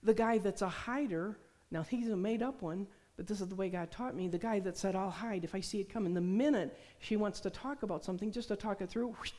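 A woman's voice: mid-range voice, dark tone. A middle-aged woman preaching a sermon, telling stories and acting out the voices she quotes. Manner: storytelling, acts out quoted voices. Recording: long hall reverb.

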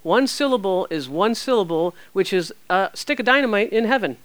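A woman preacher giving an informal, animated teaching and answering questions, with playful sound effects. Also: mid-range voice, a little fast, hardly any pauses, dry recording.

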